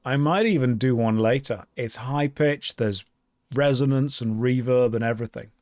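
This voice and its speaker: A man live-streaming an online game, chatting casually with his viewers and joking in a deadpan way while reading their messages aloud. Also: mid-range voice, normal speed, no echo, studio quality.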